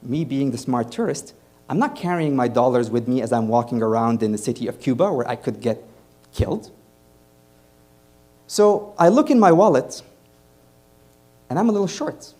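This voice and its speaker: A man's voice: medium pitch, moderate pace, long pauses. A man from Egypt performing stand-up and hosting, telling a travel story and acting out the voices of the people he met. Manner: animated, acts out other voices. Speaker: comedian and host. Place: comedy club stage.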